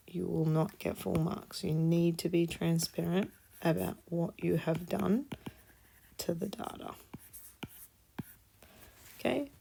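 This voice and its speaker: A woman's voice: on the low side, vocal fry, mellow, slight background noise. A woman teaching a maths lesson, explaining patiently and dropping to a murmur when she reads out numbers. She sounds tired. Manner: slow, patient explaining, drops to murmurs while reading numbers. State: tired, yawning. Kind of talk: worked-example maths lesson.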